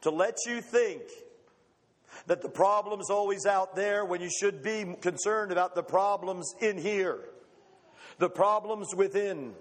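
A man preaching with a high, ringing voice that carries a long reverb tail through a large hall. He delivers a dramatic, emphatic sermon, pausing for effect and slipping into the voices of the people he quotes.

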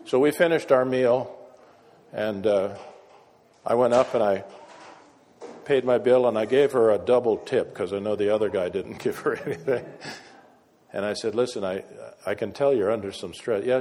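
A man's voice: lowish voice, dark tone, slight background noise. A man preaching a sermon, telling folksy stories with wry asides. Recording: echoey hall reverb.

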